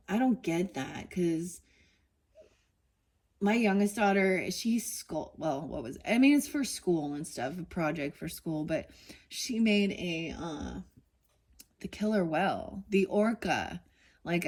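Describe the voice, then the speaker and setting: A middle-aged woman with a somewhat low voice talks through a card reading in an easy, rambling way. She drifts between points and scatters "dude" and "you know" through her talk. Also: darkish tone. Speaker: tarot card reader. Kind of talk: casual card-reading chat.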